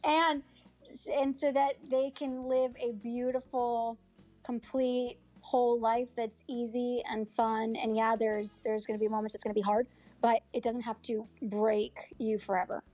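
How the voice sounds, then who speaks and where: A woman's voice: on the high side, level tone, measured pace, a little mellow, faint music behind. A woman actor being interviewed in a casual chat, earnest and heartfelt, rambling with fillers and restarts. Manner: heartfelt, moved close to tears. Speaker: actor and acting coach, interview guest. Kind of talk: casual interview over an audio chat app. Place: audio chat room.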